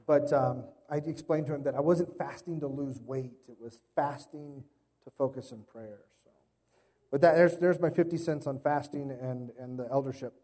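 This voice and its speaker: A man's voice: medium pitch, moderate pace, warm tone. A man in his thirties, a pastor giving a sermon, telling stories in a casual, conversational way with playful impressions.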